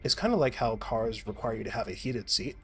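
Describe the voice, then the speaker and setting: A man's voice: fairly low pitch, expressive, brisk, gravelly, a bit bright, faint music behind. A young man rambling and swearing through commentary while playing a game. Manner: profane, rambling, many restarts. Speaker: gaming streamer. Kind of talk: rambling commentary over gameplay.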